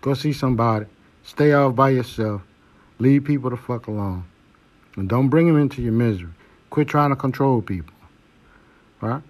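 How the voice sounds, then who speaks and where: A man's voice: mid-range voice, normal speed, long pauses. A man hosting a podcast, giving blunt, preachy advice with heavy cursing. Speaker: podcast host. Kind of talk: profane monologue.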